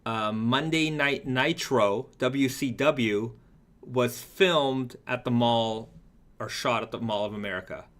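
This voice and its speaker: A man's voice: mid-range voice, slow pace, a bit bright. A man from Canada with a Toronto accent, co-hosting a live stream, casually chatting and reading viewer comments with lots of fillers and restarts. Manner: rambling with many fillers and restarts. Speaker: co-host of a brand live stream.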